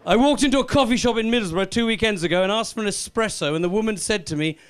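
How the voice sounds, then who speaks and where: Cheeky welsh comedian doing a live set, teasing the crowd, high-ish voice. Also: male voice, quick pace, smooth. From Wales. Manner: cheeky, teasing, chatty with the audience. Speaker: stand-up comedian.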